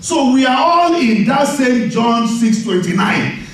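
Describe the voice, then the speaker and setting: A man pastor preaching a sermon in a church hall, animated and often laughing as he calls on the congregation to respond. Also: very high voice, measured pace. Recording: very echoey hall, voice from far off.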